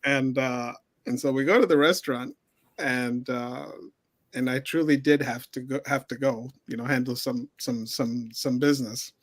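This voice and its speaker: A man, a guest on a talk show, telling a story with many pauses and restarts. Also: medium pitch, steady tone. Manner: hesitant, many fillers and restarts. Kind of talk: casual storytelling.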